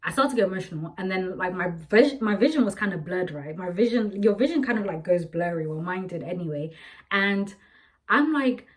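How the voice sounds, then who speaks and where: A woman's voice: mid-range voice, animated, a little fast, low-quality recording. A young woman telling a personal story to her viewers in a chatty, rambling vlog style, full of fillers. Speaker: vlogger. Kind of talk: casual storytelling to camera.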